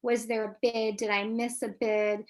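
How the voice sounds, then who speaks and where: A woman with a raised pitch and a gravelly edge speaks as a family therapist in an online webinar. She gives practical advice in a coaching way and asks whether her answers help. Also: flat delivery, unhurried. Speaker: licensed marriage and family therapist, webinar guest.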